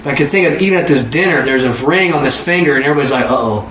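A man preaching a sermon in an animated way, acting out dialogue in voices and laughing often. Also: fairly high pitch, rapid-fire, slight background noise. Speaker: pastor. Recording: echoey room with faint ambience.

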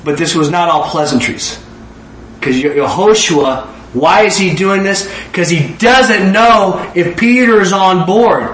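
A man preaching a sermon in an animated way, acting out dialogue in voices and laughing often. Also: high-pitched, unhurried. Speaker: pastor. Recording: echoey room with faint ambience.

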